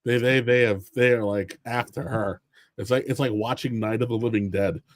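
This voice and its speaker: A man's voice: mid-range voice, steady tone, moderate pace, no room sound. A man on a casual wrestling podcast panel, rambling and restarting his sentences. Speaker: podcast co-host.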